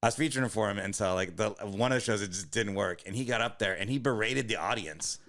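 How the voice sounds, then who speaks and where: A man's voice: lowish voice, fairly bright tone. A man co-hosting a comedy podcast, telling long rambling profane stories in casual chat. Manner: rambling, profane, quick storytelling.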